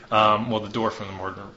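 A man's voice: on the low side, bright, forceful tone. A man narrating as game master in a loose, joking way, often swearing and poking fun at himself. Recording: echoey room, dull lo-fi sound, faint hiss.

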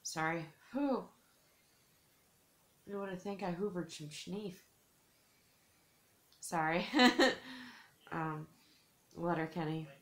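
A beauty vlogger with a fairly low voice chats in a casual haul video, speaking slowly with long pauses. She rambles, leans heavily on "like," and drops giggly asides that tease herself.

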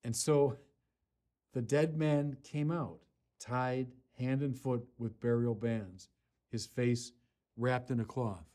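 A man, a bishop, preaching a Sunday sermon in earnest, deliberate phrases with pauses, rising in force when he quotes scripture. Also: medium pitch, fairly even intonation, warm tone. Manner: slow, deliberate delivery with pauses.

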